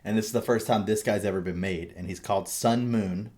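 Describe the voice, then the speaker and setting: A man with a somewhat low voice chatting as a podcast host. He tells stories in a rambling, animated way and drops curse words freely. The delivery is loose and casual. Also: a little fast. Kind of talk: casual chat.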